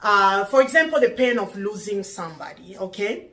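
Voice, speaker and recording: A woman's voice: mid-range voice, lively intonation, moderate pace, fairly bright tone. A middle-aged woman talking to camera in a casual vlog, earnest and puzzled, repeating herself as she asks questions. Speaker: vlogger.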